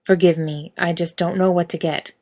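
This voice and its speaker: A woman's voice: on the low side, fairly even intonation, moderate pace, darkish tone. A woman voicing Castiel, an earnest adult male angel who asks plain, bemused questions in a read-aloud story.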